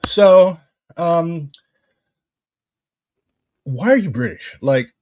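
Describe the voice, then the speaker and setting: A man's voice: fairly high pitch, animated, very slow, darkish tone. An American man hosting an interview, hesitant and heavy on fillers. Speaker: host. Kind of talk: casual chat.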